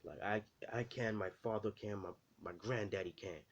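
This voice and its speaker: A man's voice: on the low side, normal speed, highs cut off. A man voicing a stern, strict father who harshly scolds his son. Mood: scolding.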